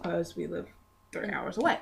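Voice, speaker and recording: A woman's voice: lowish voice, big pitch swings, measured pace, gravelly. A young woman vlogger rambling casually through a story, trailing off and restarting as she goes. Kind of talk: casual chat.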